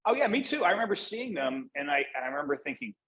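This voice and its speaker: A man's voice: high voice, very animated, quick pace, fairly bright tone, husky, rough recording. A man from Northeast Pennsylvania, a guest on an interview, chatting in an easygoing, rambling way. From Northeast Pennsylvania, USA. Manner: easygoing, rambling, lots of "like" and restarts. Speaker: guest, cigar brand manager. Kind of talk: casual interview chat.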